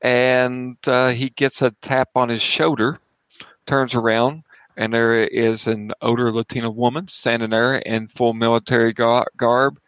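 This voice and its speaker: A man narrating as game master of a tabletop horror game at home, casual and halting, restarting his sentences as he goes. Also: mid-range voice, level tone, a bit bright, clean tone, no echo, rough recording.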